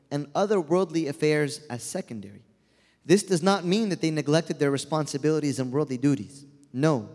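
A gentle, patient angel lays out his reasoning calmly, as a man reads his part. The voice is a touch high and carries a long reverb, as in a large hall. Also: close to an everyday voice.

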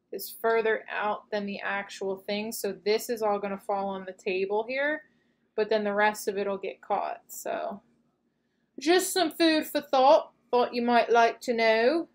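Slow-talking woman gushing over an unboxing. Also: medium pitch. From United States. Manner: chatty and gushing, many fillers. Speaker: unboxing channel host. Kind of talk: casual unboxing chat.

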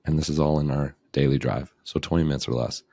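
A man's voice: a bass voice, steady tone, fast, warm tone, no echo, studio quality. A man hosting a podcast in a playful, upbeat, casual way, teasing himself now and then. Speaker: podcast host.

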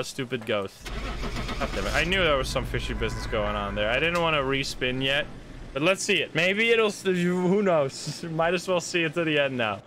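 A man's voice: medium pitch, pushed and bright, a little hiss or hum. A man streaming gameplay live, talking to his chat, swearing and laughing at his own bad luck. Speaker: streamer playing a ghost-hunting game.

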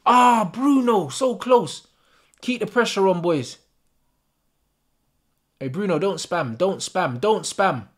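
A young man reacts live to a football match, his voice swinging widely up and down as he groans and rants. He swears freely, packs his talk with street slang and yells at the referee. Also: high-pitched, expressive, slow pace, long pauses. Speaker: football fan streamer. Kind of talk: live watch-along commentary.

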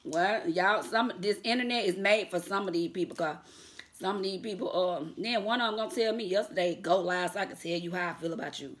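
A woman's voice: mid-range voice, brisk. A woman vlogger chatting casually to her viewers, calling them y'all and laughing often, defiant and sassy toward her critics. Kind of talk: casual vlog talk to viewers.

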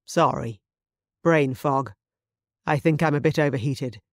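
A blunt, direct man with a weary edge, as a woman narrator plays him, spoken a touch lower and slower than her own voice. He talks plainly and cuts to the point. The studio recording is dry and close. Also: no echo.

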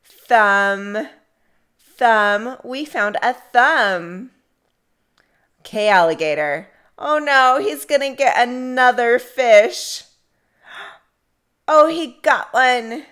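Young woman speech therapist, slow and deliberate, smooth voice, repeats each practice word for toddlers. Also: on the high side, animated, a bit bright. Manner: slow, drawn-out words for children to repeat.

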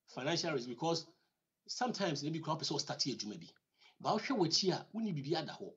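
A man with a Ghanaian accent giving a conversational finance lesson, repeating words for emphasis and using many fillers. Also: on the high side. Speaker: financial educator. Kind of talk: teaching talk on personal finance. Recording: slightly dull lo-fi recording.

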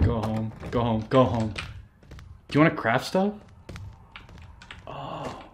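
A young man streaming a game live, reacting excitably, swearing and laughing at what happens on screen. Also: medium pitch, noisy background. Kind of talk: live gameplay commentary.

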